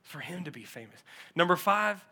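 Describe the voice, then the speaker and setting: Man, pastor, sermon, high voice, bright, animated storyteller. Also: fairly quick, gravelly. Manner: animated storytelling, acts out quotes, often laughs.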